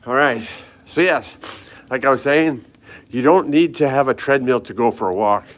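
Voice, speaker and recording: A man's voice: mid-range voice, moderate pace. Older man vlogging while walking hotel halls. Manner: chatty, greets live chat viewers by name while walking. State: slightly out of breath from climbing stairs. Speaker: fitness vlogger. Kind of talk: casual live-stream walk vlog. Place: indoors, hotel hallways and stairwells.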